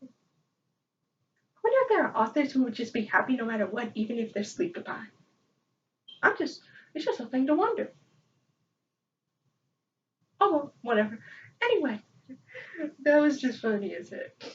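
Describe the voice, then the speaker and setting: A woman chatting casually as a vlogger, excitable and rambling, often breaking into laughter. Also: a little high, normal speed, long pauses. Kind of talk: casual chat. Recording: distant, dull lo-fi mic with faint noise.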